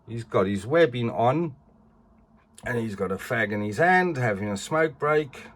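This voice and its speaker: Man in his middle years, unhurried and chatty, casual collector vlog. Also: mid-range voice, expressive, a bit bright. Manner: chatty, tags sentences with "eh". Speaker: collector reviewing figures.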